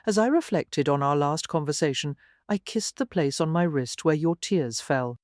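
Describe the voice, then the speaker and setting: A narrator voicing an ardent young gentleman suitor. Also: on the high side, lively intonation, moderate pace, no echo, studio quality, close to an everyday voice. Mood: tender. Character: ardent young gentleman writing a love letter.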